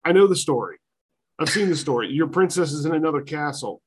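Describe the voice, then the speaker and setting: A man's voice: fairly high pitch, animated, fairly quick. Grumbling man in casual podcast chat. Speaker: podcast co-host.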